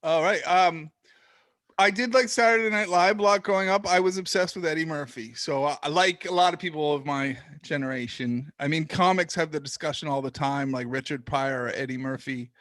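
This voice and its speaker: A man's voice: on the high side, a little fast, fairly bright tone, no room sound. A man from Canada with a Canadian accent, a comedian guest chatting casually and telling self-mocking stories with a lot of laughter. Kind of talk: casual interview chat.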